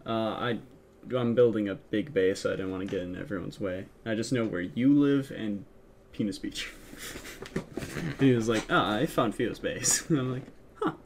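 A man's voice: on the low side, normal speed, vocal fry, noisy background. A young man co-hosting a podcast, chatting casually, joking and laughing often. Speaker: podcast co-host. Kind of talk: casual chat.

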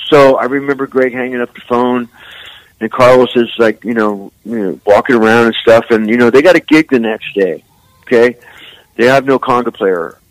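An older man from San Francisco, a musician guest, telling rambling, animated stories full of "man" and "you know.". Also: medium pitch, moderate pace, dry recording, low-quality recording. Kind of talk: casual storytelling interview.

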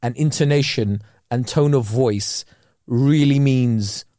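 A young man, co-hosting a podcast in casual chat, animated and fond of mimicking voices. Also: medium pitch, slow, dry recording, studio quality. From England. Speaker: podcast co-host.

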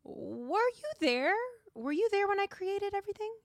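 A woman's voice: extremely high pitch, sing-song, normal speed, dry recording, studio quality, pitched above the performer's own voice, exaggerated voice. A woman voicing God as an unimpressed deity questioning a man who suffers, while she retells a story on a podcast. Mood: challenging.

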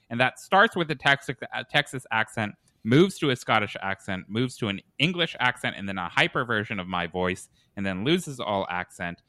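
A young man hosting a comedy podcast who interviews his guest in a deadpan, dry, teasing way. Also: fairly low pitch, no echo. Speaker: podcast host.

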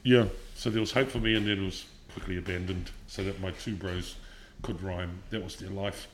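Speaking a touch fast in a low, steady voice, this middle-aged New Zealander is a musician guesting on a podcast. He swaps stories in a relaxed interview, cursing without restraint and laughing a lot, over a faint hiss or hum.

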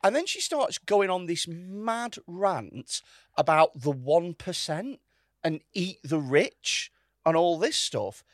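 Animated man telling a story. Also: high voice, slow pace, no room sound, studio quality. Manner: animated, swears often, acts out quotes. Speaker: podcast host. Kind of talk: casual storytelling chat.

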